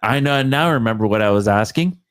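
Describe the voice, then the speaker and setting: A man co-hosting a casual chat, telling stories in a rambling, animated way. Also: on the low side, fast talker, clean tone, no echo, studio quality. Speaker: co-host.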